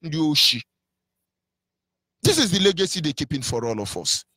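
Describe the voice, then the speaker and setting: A man's voice: on the high side, sing-song, normal speed, pushed and bright, no room sound, clean studio sound. A man with a Nigerian accent giving an impassioned live radio monologue, scornful and mocking, slipping into Igbo phrases. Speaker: radio broadcaster.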